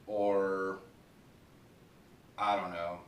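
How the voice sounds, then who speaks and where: Low-voiced dude swearing his way through a show review, echoey room, mic kinda far off. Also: little pitch movement, extremely slow. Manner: profane, chatty, laughs at own jokes. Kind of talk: casual rambling review. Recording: echoey room, distant mic, faint noise.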